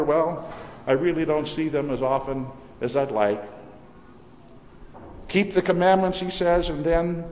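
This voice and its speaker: A man's voice: on the high side, a little mellow. A male pastor preaching a sermon, telling the story dramatically with shifting emphasis. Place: church sanctuary. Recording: echoey church hall, faint noise.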